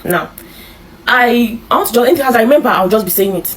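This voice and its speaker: A woman's voice: a little high, animated, low-quality recording. Nigerian woman retelling family hardship. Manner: repetitive, halting, with many restarts. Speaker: interviewee. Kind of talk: emotional personal storytelling.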